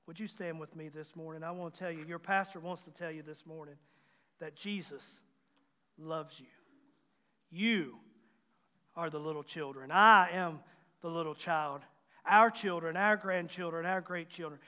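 A male pastor closing a church service with a gentle chorus, then leading a fervent prayer. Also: a little high, moderate pace. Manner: soft sung-spoken phrases, rising to fervent prayer. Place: church sanctuary. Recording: long church reverb with guitar music.

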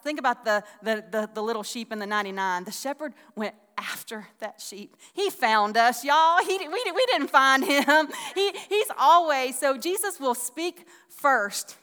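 A woman who teaches the Bible gives a relaxed, chatty sermon, folksy in tone, often restarting sentences and wandering into asides. Her voice sits high and is a bit bright and smooth. A long hall reverb surrounds the recording.

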